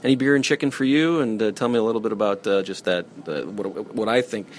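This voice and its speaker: Fast-talking low-voiced interviewer man. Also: slight background noise. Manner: rambling questions with filler and restarts. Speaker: broadcaster, interviewer. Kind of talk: conversational interview questions.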